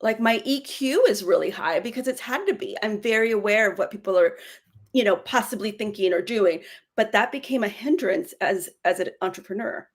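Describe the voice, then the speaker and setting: A woman in her forties speaking earnestly as a podcast guest, with quick self-correcting bursts in candid conversation. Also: medium pitch, expressive. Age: 40s.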